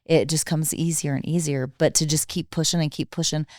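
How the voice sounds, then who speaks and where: A woman, a snowmobile riding instructor, telling a story in casual podcast chat, relaxed and full of fillers. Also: low voice, fairly quick, no echo, clean studio sound.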